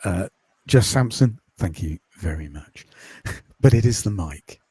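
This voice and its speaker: A man from the UK, a podcast host and course creator, chatting in a quiet, calming voice with many ums in a casual interview over a video call. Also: low voice, measured pace, slightly rough, no room sound. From United Kingdom.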